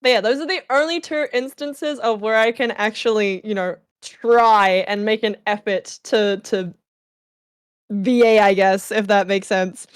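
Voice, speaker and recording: A woman co-hosting a casual stream podcast, giggling, playful and quick to exclaim. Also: medium pitch, fairly even intonation, smooth. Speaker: VTuber and podcast co-host. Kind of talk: casual chat on a livestream.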